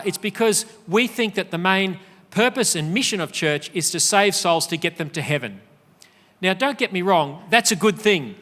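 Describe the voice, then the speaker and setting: A man's voice: high voice, sharp tone, big-room sound. A middle-aged Australian man giving an earnest, emphatic conference speech, with frequent fillers. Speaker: speaker. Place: large conference hall.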